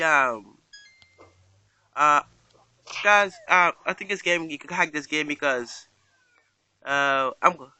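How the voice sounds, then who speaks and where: Excitable man with a bright, sharp voice. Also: a little high, clean tone, no echo. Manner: excitable, keeps talking to the game character and crying out in dismay. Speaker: gaming channel host. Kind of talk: casual gameplay commentary.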